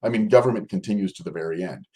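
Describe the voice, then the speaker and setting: A male scholar explains his subject in an interview with a fairly low voice. He speaks in a halting, thinking-aloud way, often breaking off and restarting a sentence before carrying his point through. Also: mellow. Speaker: guest scholar. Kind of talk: conversational explanation.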